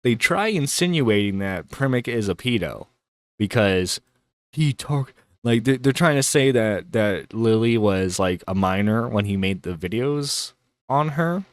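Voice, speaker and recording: A male streamer hosts a casual reaction chat, his pitch moving expressively as he laughs and talks through fillers. The sound is dry and close. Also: expressive, dry recording. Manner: chatty, laughing, halting with fillers. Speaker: streamer host.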